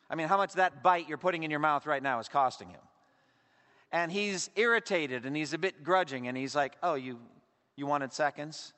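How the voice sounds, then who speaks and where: A man preaching a sermon as pastor, swinging between emphatic lines and hushed asides. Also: on the high side, in a large hall.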